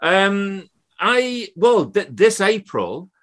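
A man's voice: high-pitched, very animated, extremely slow, a bit bright. A man in his fifties, an actor guest from England, telling stories in a chatty, laughing way on a podcast. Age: 50s. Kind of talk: casual podcast chat.

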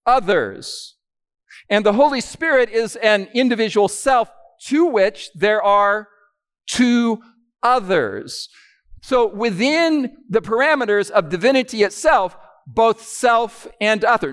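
In a hall, a man preaches a sermon to an audience in a fairly high, fairly bright voice that swings widely up and down. He's animated yet unhurried, and he keeps asking his listeners questions as he teaches.

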